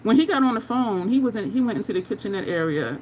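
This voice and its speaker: Blunt venting and cursing while painting on a live stream, mid-pitched voice. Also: fast, a little hiss or hum, low-quality recording. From Camden, New Jersey. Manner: animated, blunt venting storyteller who curses. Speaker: makeup artist livestreamer. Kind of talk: casual chat while painting.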